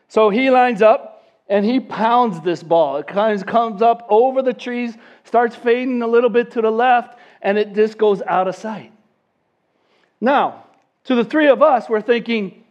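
A man's voice: high voice, moderate pace, darkish tone, lo-fi sound. A man in his fifties telling a long story in a sermon and acting out the people in it.

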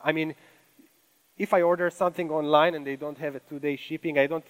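A man's voice: on the high side, fairly even intonation, a little fast, clean tone, low-quality recording. Earnest accented man preaching a sermon. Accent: non-native English accent. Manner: earnest, conversational preaching with rhetorical questions. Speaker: pastor. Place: church stage.

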